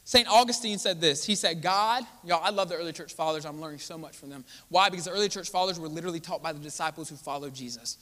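A man preaching a sermon as pastor, asking the congregation questions and answering them, swinging between loud exclaiming and quiet asides. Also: a little high, fast talker, hardly any pauses. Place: large church hall. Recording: long hall reverb.

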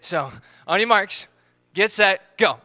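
Bright upbeat man leading a group game. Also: high-pitched, expressive, takes it slowly, dry recording. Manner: upbeat, calls out counts and instructions.

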